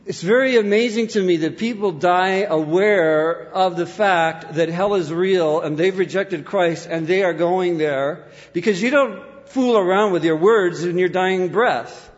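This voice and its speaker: A man with a fairly high voice delivers an impassioned sermon in a church. He swings from ringing declarations down to hushed, intense asides. The recording is muffled and lo-fi, with a long reverb tail from the hall. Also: a little slow, few pauses. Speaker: preacher.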